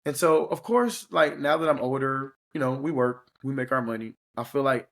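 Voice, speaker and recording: A man's voice: mid-range voice, normal speed, vocal fry, fairly bright tone. Earnest rambling man podcast co-host. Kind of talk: casual chat.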